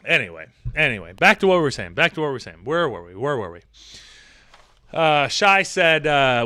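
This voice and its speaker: A man's voice: on the high side, big pitch swings, moderate pace, sharp tone. A young man streaming live, reading out chat comments and ranting with plenty of swearing.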